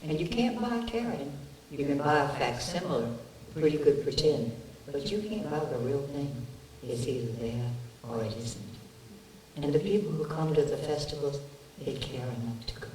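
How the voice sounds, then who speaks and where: A woman's voice: low voice, mellow, reverberant, slight background noise. Earnest woman heard from a distant remote link. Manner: earnest, slow and emphatic. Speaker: actress guest on a remote video link. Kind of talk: heartfelt speech.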